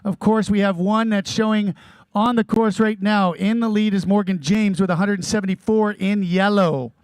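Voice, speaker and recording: A man at a bike race reads out standings and instructions in a plain, businesslike way while losing his voice. His tone is smooth and high-pitched, and the sound is close and dry. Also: steady tone, moderate pace, darkish tone, dry recording. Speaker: race official. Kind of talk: announcements to racers.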